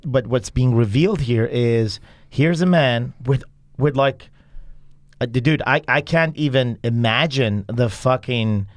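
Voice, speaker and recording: Male host, loose and profane, mid-pitched, dry close sound. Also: no echo. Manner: casual, profane, backchanneling. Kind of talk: casual conversation.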